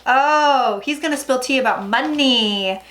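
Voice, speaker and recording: A woman psychic talking through a tarot reading in a chatty, dramatic way, with sudden loud asides. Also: high voice, unhurried, a little hiss or hum. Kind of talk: casual tarot reading vlog.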